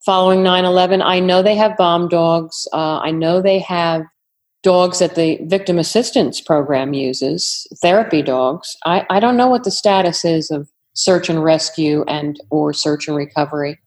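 A retired woman with a New York accent, answering interview questions in a measured, careful way. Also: fairly low pitch, fairly even intonation, darkish tone. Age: older. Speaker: retired FBI agent, guest.

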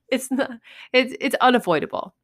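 A woman's voice: high-pitched, moderate pace. Laughing, swearing woman podcast host. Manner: laughing, swearing, animated storyteller. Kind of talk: casual storytelling chat.

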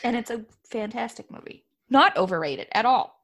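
A woman co-hosting a casual chat, opinionated and animated, often laughing as she talks. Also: a little high, normal speed. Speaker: podcast co-host.

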